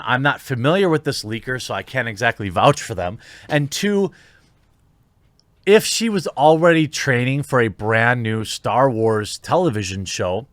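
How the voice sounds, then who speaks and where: A man's voice: mid-range voice, a bit bright, dry recording. Male online commentator, incredulous and sarcastic, medium voice, dry booth sound. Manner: sarcastic, incredulous, reads out reports then riffs. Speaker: commentary channel host. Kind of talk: opinionated commentary monologue.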